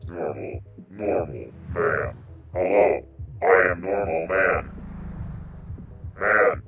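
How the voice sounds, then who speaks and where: A man through a deep gravelly voice changer. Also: faint music behind, exaggerated voice. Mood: deadpan. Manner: halting, testing his voice. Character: flat deep "normal man" voice. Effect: deep voice-changer filter. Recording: dull lo-fi voice changer.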